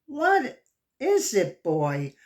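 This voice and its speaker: A woman's voice: fairly high pitch, huge pitch swings, drawn-out words, heavily acted. A woman voicing a kindly old woman who feeds stray dogs, sweet and coaxing.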